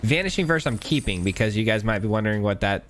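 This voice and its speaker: A man's voice: on the low side, lively intonation, fast talker, faint music behind. A male gaming host with a stuffy nose, giving casual, chatty commentary while he plays and thinks aloud. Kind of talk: gameplay commentary.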